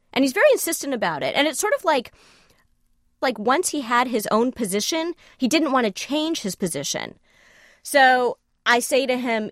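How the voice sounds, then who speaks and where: A woman telling a personal story in conversation, animated and self-questioning, acting out the dialogue she quotes. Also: a little high, moderate pace, dry recording, clean studio sound. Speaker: storyteller guest.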